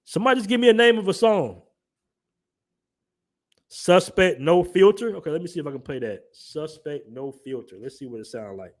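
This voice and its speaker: A man's voice: on the high side, expressive, normal speed. A young man from the southern United States with an African American Vernacular English accent, hosting a livestream in loose, joking talk full of slang and reading the chat aloud. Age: young adult. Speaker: livestream host.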